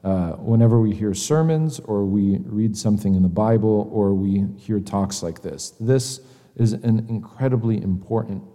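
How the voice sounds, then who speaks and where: A man giving an earnest, conversational church lecture, pausing often as he searches for words. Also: on the low side, warm tone. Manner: earnest, hesitant with frequent pauses. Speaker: church teacher. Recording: long reverb of a hall.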